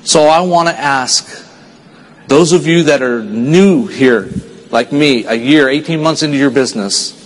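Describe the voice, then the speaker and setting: Earnest man speaking in a big hall. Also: a little slow. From Texas. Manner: storytelling, earnest, dips low and quiet at sad moments. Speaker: motivational speaker. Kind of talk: stage speech to a conference audience.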